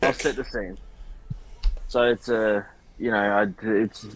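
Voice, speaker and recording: A man's voice: lowish voice, fairly even intonation, takes it slowly, low-quality recording. A man co-hosting a podcast, telling a story in a rambling, self-mocking way. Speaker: podcast co-host. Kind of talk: casual chat.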